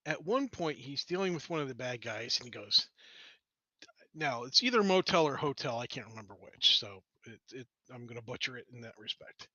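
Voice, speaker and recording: A man's voice: mid-range voice, brisk, hardly any pauses, bright, forceful tone, husky, no room sound, lo-fi sound. A man on a casual podcast retelling a movie joke, laughing easily as he goes. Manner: laughs while telling jokes, easygoing.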